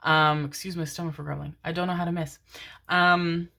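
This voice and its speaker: A woman's voice: fairly low pitch, flat delivery, normal speed, gravelly, pushed and bright. A woman tarot reader telling a casual, rambling story, repeating words and swearing offhandedly.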